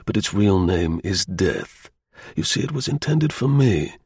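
A man voicing a grim secret agent who speaks low, curt and steady, with a husky voice. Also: measured pace, no room sound, studio quality, heavily acted. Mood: thoughtful.

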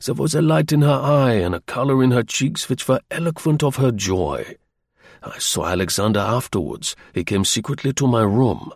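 A male audiobook narrator with a mid-pitched, husky voice, reading a first-person novel in a measured, slightly arch way. the recording is dry and close, with no room sound. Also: expressive, dry recording. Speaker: audiobook reader.

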